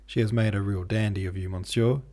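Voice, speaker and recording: Guy reading as a proud young noble lady, a bit lifted, warm low voice underneath. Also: steady tone, brisk, close to an everyday voice. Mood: haughty. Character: haughty, tender young noblewoman.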